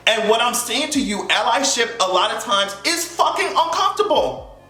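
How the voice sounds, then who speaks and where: A man's voice: very high voice, very animated, normal speed, pushed and bright. A man giving a heated, sarcastic, profane opinion rant to camera as a vlogger, often mocking other people's voices. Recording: echoey room with faint music.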